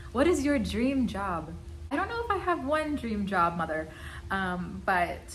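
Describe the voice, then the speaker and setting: A woman's voice: medium pitch, fairly bright tone, slight background noise. Giggly young woman vlogging. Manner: giggly, chatty and playful. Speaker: singer and vlogger answering fan questions. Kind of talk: casual Q&A vlog.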